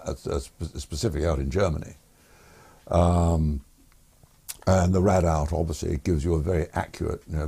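A man's voice: extremely low pitch, vocal fry, mellow, husky. An older man, a former air force pilot, telling stories in an interview in a rambling, hesitant way. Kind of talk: anecdotal storytelling in a podcast interview.

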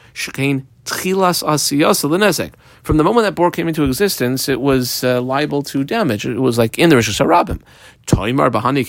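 A man's voice: vocal fry, no room sound. A man teaching a Talmud lesson, reading Aramaic phrases and explaining them in English with frequent fillers. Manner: animated, lively pitch swings.

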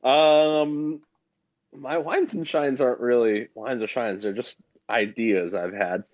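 A young man co-hosting a casual podcast, wry and offhand, pausing on ums as he gathers his thoughts. His voice sits in a middle range and is recorded dry and close. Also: medium pitch, fairly even intonation, dry recording, lo-fi sound. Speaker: podcast co-host. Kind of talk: casual chat.

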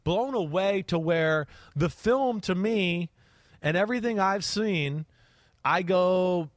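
Man, podcast host, fairly high voice, animated, acts out plays, dry close mic. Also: takes it slowly, dry recording. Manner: animated, acts out quarterback reads with sound effects. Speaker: podcast host and quarterback analyst. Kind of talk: casual podcast chat.

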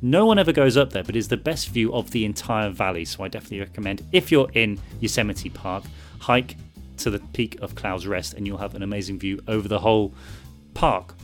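A man's voice: on the low side, fairly quick, soft background music. A man co-hosting a podcast in casual, upbeat and jokey chat. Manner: upbeat, lively intonation, jokey. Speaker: podcast co-host.

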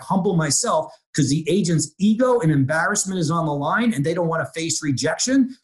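Middle-aged man, executive guest, energetic and animated, acts out dialogue. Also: on the high side, brisk, few pauses. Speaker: real estate executive. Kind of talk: conversational interview.

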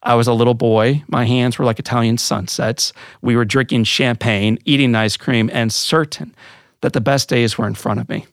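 A man's voice: mid-range voice, fairly even intonation, normal speed, dry recording, clean studio sound. A man hosts a podcast, telling a personal story in an earnest, emotional voice. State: voice thick with emotion. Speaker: podcast host.

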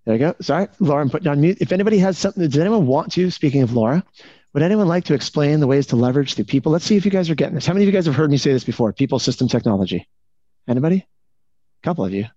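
A man coaching a real estate team over a video call, energetic and constantly asking the group questions. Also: a little high, rapid-fire, no echo. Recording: dull lo-fi call audio.

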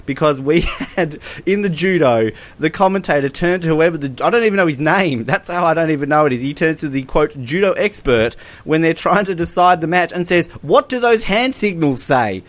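A man co-hosting a casual comedic podcast, animated and prone to laughing. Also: fairly high pitch, fairly quick, few pauses. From Australia. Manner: animated and giggly, often breaks into laughter. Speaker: podcast co-host.

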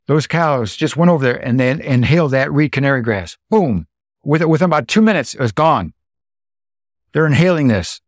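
A middle-aged American man and dairy farmer, telling farm stories in a lively way, acting out what people said and making sound effects. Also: medium pitch, no echo, clean studio sound. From United States. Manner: animated storyteller, acts out quotes and sound effects. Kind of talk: anecdotal storytelling.

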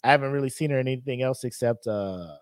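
A man co-hosting a podcast in casual chat, animated storytelling that breaks into loud acted-out voices. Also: medium pitch, quick pace, dry recording. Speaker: podcast co-host.

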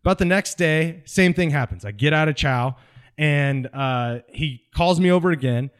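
A man from California with a fairly high speaking voice, a veteran guest on a podcast. He tells his story animatedly, laughing often and slipping into the voices of the people in his anecdotes. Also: expressive, normal speed, smooth. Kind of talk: storytelling interview.

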